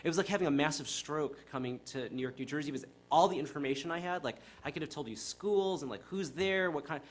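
A man's voice: a little high, quick pace. Conversational middle-aged male preacher. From Chicago area. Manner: conversational, with many fillers and self-corrections. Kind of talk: sermon.

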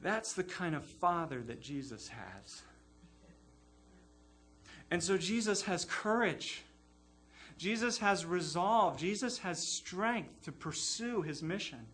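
A man's voice: high voice, animated, takes it slowly, long pauses, a bit bright, slight background noise. A man preaching a sermon in an earnest, emphatic way, building his points through repeated phrases. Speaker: pastor.

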